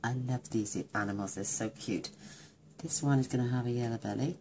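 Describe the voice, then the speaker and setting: A woman's voice: a bass voice, fairly quick, dark tone, a little hiss or hum. A woman demonstrating card-making, gushing and chatty as she thinks aloud while colouring. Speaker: craft demonstrator.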